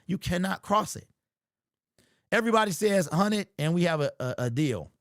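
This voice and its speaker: A man's voice: high-pitched, moderate pace, no room sound, clean studio sound. A man hosting a casual sports talk show, joking around with big exaggeration and lots of slang. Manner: animated, joking and hyperbolic, slangy.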